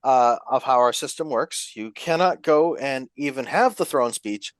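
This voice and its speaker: A man's voice: medium pitch, unhurried, no room sound. A man explaining how government procedure works in a casual podcast chat. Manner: explanatory, walks through procedure.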